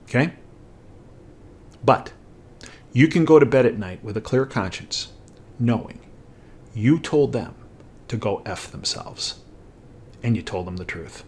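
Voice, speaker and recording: A middle-aged man hosting a talk show, telling a personal story and acting out the dialogue in an animated way. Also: mid-range voice, measured pace, pauses often, slight background noise. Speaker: host.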